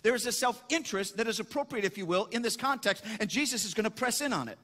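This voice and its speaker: High bright male pastor preaching, punchy emphatic delivery, echoey hall. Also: lively intonation, quick pace. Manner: emphatic, asks questions and answers them. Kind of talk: sermon.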